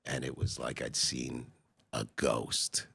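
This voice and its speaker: A middle-aged comedian from Canada telling crude, blunt stories in casual talk, often dropping to a low, hushed voice. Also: male voice, flat delivery, slow pace, gravelly, breathy edge, no room sound. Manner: crude, blunt storyteller who drops to a low, hushed voice for confessions. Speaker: comedian guest. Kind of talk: casual podcast storytelling.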